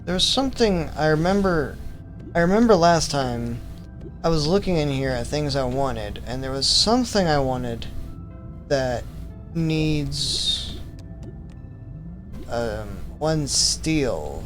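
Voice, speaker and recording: A man's voice: a little high, lively intonation, slow, long pauses, over music. A man streaming a game, thinking aloud, rambling and correcting himself, teasingly calling his viewers his vamplings while he puts on an accent. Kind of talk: casual gaming commentary.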